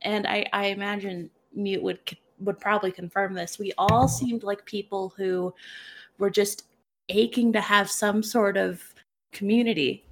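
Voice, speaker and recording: A woman with a mid-range voice speaks sincerely and folksily in a relaxed group conversation. A faint hiss of noise sits under her voice. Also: mid-range voice, unhurried. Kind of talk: casual group chat.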